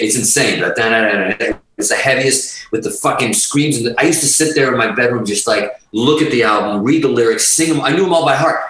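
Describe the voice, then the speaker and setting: A middle-aged man, a guest musician, telling a story in a casual, animated way, swearing constantly and restarting his sentences. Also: lowish voice. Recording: roomy sound, distant from the mic.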